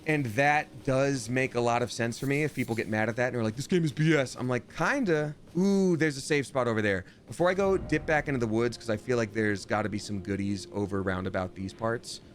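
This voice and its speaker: A man giving casual live-stream commentary while playing a video game, chatty, with sudden excited outbursts. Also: mid-range voice, fairly quick, few pauses, a little hiss or hum. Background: game music.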